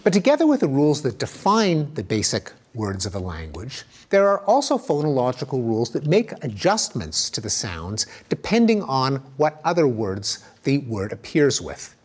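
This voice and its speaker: A man's voice: mid-range voice, huge pitch swings, moderate pace, few pauses, slightly rough. A middle-aged man giving a recorded academic lecture, explaining ideas and demonstrating sounds aloud with emphatic intonation.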